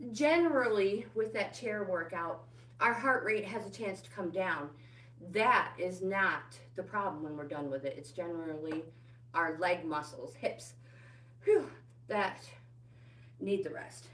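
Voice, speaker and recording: A woman's voice: mid-range voice, slow pace, pauses often, a bit bright. A middle-aged woman hosting a live walking workout, chatty and encouraging, greeting viewers by name and slightly out of breath. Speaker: fitness livestream host. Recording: roomy indoor echo.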